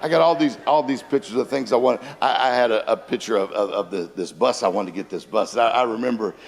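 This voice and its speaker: A man's voice: mid-range voice, fast. A man giving a humorous motivational seminar talk in a church auditorium, telling anecdotes and jokes. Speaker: motivational speaker. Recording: long hall reverb from a large room.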